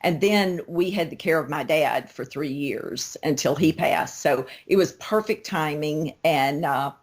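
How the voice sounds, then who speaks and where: This is a chatty older woman with a Southern American accent, speaking low in pitch for a woman. She talks as a guest author, eager and storytelling, with plenty of emphasis. Her voice comes over a remote call. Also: unhurried. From Louisiana, USA. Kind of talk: casual interview chat.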